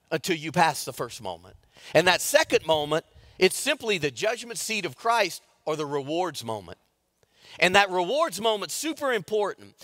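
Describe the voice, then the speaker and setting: A middle-aged man preaching a sermon as pastor, telling stories in a folksy way and swinging from loud to hushed. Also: fairly high pitch, no room sound, clean studio sound.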